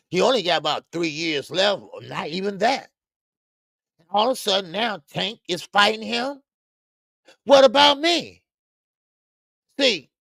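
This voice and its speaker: A man hosts a boxing livestream in a slow, slangy, rambling way, greeting viewers in the chat by name. His voice is gravelly and swings widely in pitch, and it sounds dry and close. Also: a bit bright, dry recording. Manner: rambling with stammered restarts. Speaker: boxing show host. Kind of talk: casual live-stream talk.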